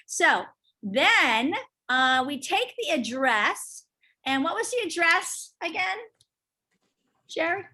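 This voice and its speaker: A woman with a slightly high voice teaches a class in a casual, chatty way. She speaks briskly and with emphasis, and she keeps checking in with the group through questions. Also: big pitch swings, bright, forceful tone. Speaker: real estate instructor.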